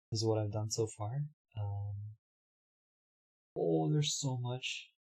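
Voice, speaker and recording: A hoarse young man streaming live, chatting casually, reading his chat aloud and laughing often. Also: lowish voice, mellow.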